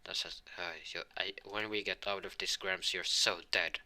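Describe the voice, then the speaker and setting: Man, improvised storyteller; halting, rambling delivery, very bright, tense tone. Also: low-pitched, steady tone. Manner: voices the characters' lines in his own voice. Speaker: fan fiction storyteller. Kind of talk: improvised fan fiction storytelling.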